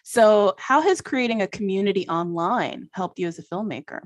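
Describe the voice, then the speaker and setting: A woman's voice: mid-range voice, normal speed, no room sound. A woman hosting a podcast interview, friendly and encouraging as she asks questions. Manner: friendly, encouraging interviewer who laughs along. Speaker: podcast host. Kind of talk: casual interview chat.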